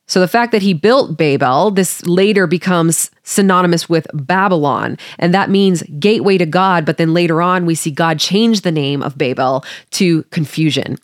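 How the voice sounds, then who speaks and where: Low-voiced woman reading Bible with commentary. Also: moderate pace, hardly any pauses, no room sound, clean studio sound. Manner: friendly, explaining her study tools to listeners. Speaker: Bible study podcast host.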